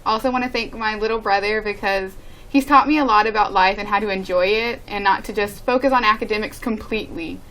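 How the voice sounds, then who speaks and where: A woman's voice: medium pitch, fast talker, fairly bright tone, poor audio. A teenage girl, a graduating student, sincerely thanking her mother and siblings in an interview. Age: late teens. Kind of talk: interview answers.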